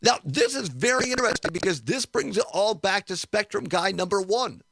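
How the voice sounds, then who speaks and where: A man hosting a radio talk show, telling a story in a chatty, animated way, chuckling often and acting out what people said, from a studio. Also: high voice, moderate pace, creaky, dry recording. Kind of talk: storytelling chat on air.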